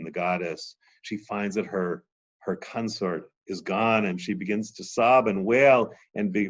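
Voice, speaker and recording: A man's voice: sits low, slightly rough, lo-fi sound. A man lecturing on a text, reading passages aloud with rising drama and then explaining them.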